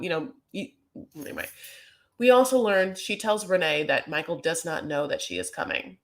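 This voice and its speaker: Gossipy chatty woman recap host, lowish voice. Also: lively intonation, normal speed. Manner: gossipy, rambling, lots of "like" and "you know".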